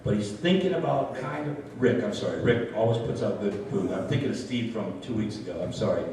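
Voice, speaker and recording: A man's voice: on the low side, a little fast, dark tone. Bumbling ventriloquist man on stage. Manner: bumbling, apologetic, corrects himself. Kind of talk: stage comedy patter. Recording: distant echoey live stage with noise.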